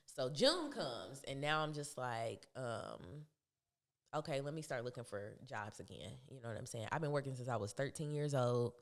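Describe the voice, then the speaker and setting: A woman's voice: extremely low pitch, normal speed. Chatty young woman telling her story. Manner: animated, laughs often, acts out quoted voices. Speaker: podcast guest. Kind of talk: casual storytelling.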